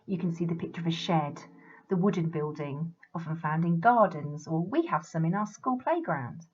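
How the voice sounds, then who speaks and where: A female primary school teacher reading a storybook aloud to children in an expressive, sing-song manner, on a muffled recording. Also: on the low side, normal speed.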